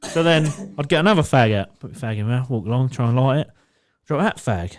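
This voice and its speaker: A man's voice: medium pitch, fast, a little hiss or hum. Man telling a rowdy story. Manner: swearing, animated anecdote-telling with quoted voices. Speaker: podcast co-host. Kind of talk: casual chat, storytelling.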